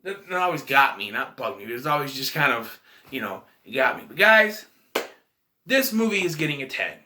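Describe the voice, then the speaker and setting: A man's voice: medium pitch, sing-song, normal speed, bright, forceful tone, a little hiss or hum. A man casually reviewing a movie in a vlog, retelling scenes in a rambling, emotional way.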